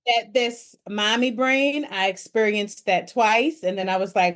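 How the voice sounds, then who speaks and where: A woman's voice: fairly high pitch, lively intonation, slow. A woman hosting a wellness podcast, affirming her guest and chatting conversationally. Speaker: podcast host. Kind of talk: podcast interview.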